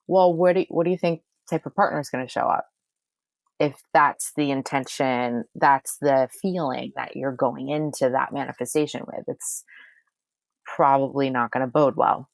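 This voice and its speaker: A woman's voice: rumbling low, fairly even intonation, normal speed, vocal fry, dry recording. A woman who is a manifestation coach and astrologer, talking emphatically in a casual podcast conversation and repeating phrases for effect.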